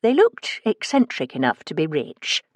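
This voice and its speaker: A woman reads a first-person mystery audiobook with a wry, lively storyteller's touch. Her voice sits slightly low, and the recording is dry and close, with no room sound. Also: moderate pace, no echo. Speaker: audiobook narrator. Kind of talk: first-person scripted narration.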